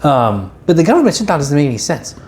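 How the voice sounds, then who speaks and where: A man co-hosting a casual podcast who talks in quick, emphatic bursts and laughs easily. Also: fairly high pitch, sing-song, darkish tone. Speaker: podcast co-host. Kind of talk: casual chat.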